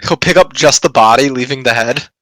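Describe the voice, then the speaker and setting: Bright-voiced male tabletop player. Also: mid-range voice, fairly quick. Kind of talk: casual tabletop play.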